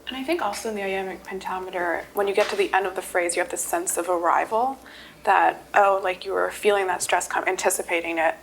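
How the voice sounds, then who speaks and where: A woman's voice: medium pitch, fairly quick, a little hiss or hum, poor audio. A woman in a seminar discussion, carefully analyzing a poem. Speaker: seminar participant.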